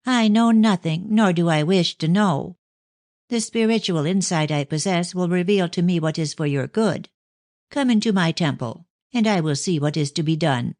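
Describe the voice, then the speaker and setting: A woman voicing a thin, dramatic middle-aged clairvoyant, effusive when awake and slow and solemn in trance, in a dry audiobook reading. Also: on the low side, darkish tone, no echo, lightly acted.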